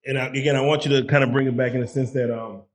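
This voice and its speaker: A male host prompting his guest to tell the story again, halting with fillers. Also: mid-range voice, fairly even intonation.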